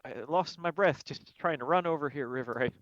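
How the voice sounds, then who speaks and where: A man voicing a kind middle-aged male halfling who looks after an old neighbor, speaking gently and reassuringly. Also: a little high, fairly quick, lo-fi sound, voice pushed up, lightly acted. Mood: gentle. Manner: gentle, reassuring, a little breathless.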